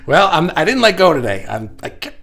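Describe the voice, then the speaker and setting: A man hosting a casual live stream, reading viewer comments aloud and thinking out loud with many restarts, recorded indoors under studio lights. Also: fairly high pitch, huge pitch swings, a little fast. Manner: rambling, self-correcting, reflective. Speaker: livestream host. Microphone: facing camera, reading viewer comments.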